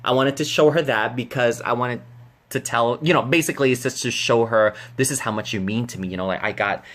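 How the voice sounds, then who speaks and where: A man speaking to camera in a casual vlog. He tells his story in a chatty, animated way, full of fillers and restarts. His voice sits in a middle pitch. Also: a little fast. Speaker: vlogger.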